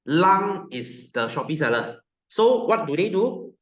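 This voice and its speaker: In a classroom science lecture, a Malaysian-accented man with a fairly high voice jokes around and keeps firing questions at his students. He's very animated yet a little slow, and the audio is roomy, muffled, echoey, and dull.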